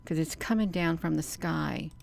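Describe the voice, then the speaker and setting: Woman, low gravelly voice, excited livestream commentary, addresses viewers directly. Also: moderate pace. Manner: excited, talks to viewers as "you all". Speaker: video creator.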